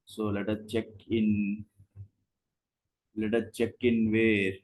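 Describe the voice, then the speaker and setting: A man's voice: on the low side, completely flat delivery, slow pace, pauses often, a little mellow, low-quality recording. A man teaching a live online coding class, explaining in short steps and asking rhetorical questions. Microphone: video call.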